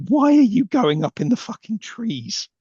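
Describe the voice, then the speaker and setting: A man's voice: high voice, very animated, moderate pace, dark tone, husky, dry recording. A man co-hosting a podcast, ranting sarcastically and swearing about a film's plot. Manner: sarcastic, exasperated rants with swearing. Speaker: podcast co-host. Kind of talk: casual chat. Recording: dull lo-fi dry sound.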